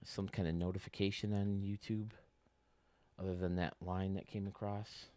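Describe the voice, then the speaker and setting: Low-voiced man hosting a gaming stream. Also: little pitch movement, normal speed, warm tone, no room sound. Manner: chatty, explains menus step by step. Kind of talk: casual livestream game walkthrough. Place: at home.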